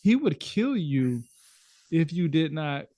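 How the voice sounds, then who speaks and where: A man's voice: on the high side, very animated, slow pace, dark tone, no room sound. A man hosting a casual podcast conversation, rambling and repeating words as he talks. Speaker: podcast host.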